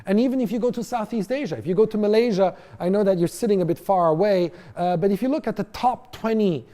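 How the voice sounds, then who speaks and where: A man with a high, mellow voice talks quickly as he gives a college lecture in a lecture hall. His delivery is conversational, full of fillers and restarts, and he speaks directly to the audience, sometimes putting questions to the room.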